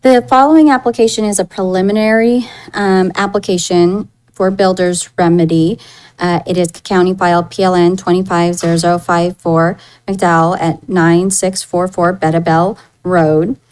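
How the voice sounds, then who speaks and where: A woman's voice: fairly low pitch, fairly even intonation, moderate pace, a little mellow, clean tone, rough recording. A woman principal planner presenting application details at a public meeting in a businesslike way, with small fillers. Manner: businesslike, reading figures with fillers. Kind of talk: staff report at public meeting.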